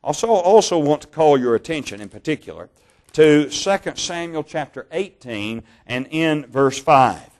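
A man preaching a sermon, reading Bible passages in a measured way, slowing down on key words and correcting his own slips. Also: a little high, expressive. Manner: measured, slow over key words, stumbles on names and corrects himself.

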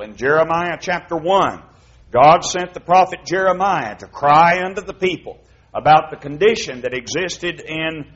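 Male preacher, evening study sermon, a bit higher pitched, muffled low-fidelity recording. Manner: reads scripture aloud in a rising, emphatic voice. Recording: dull lo-fi sound.

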